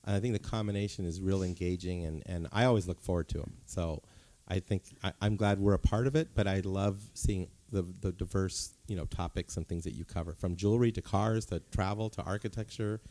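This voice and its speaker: A man hosts a relaxed interview, asking questions in an easygoing, halting way and encouraging his guest. His voice is fairly low and warm, soft and unhurried. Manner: casual, restarts often, encouraging. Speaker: interview host. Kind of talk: conversational interview. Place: conference room.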